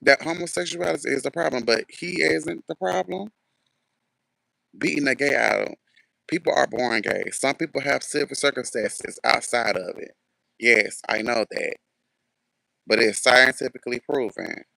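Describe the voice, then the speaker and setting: A man's voice: medium pitch, normal speed, creaky, sharp tone, no room sound. A man ranting casually to camera in a sassy, sarcastic way, swearing freely. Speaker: vlogger.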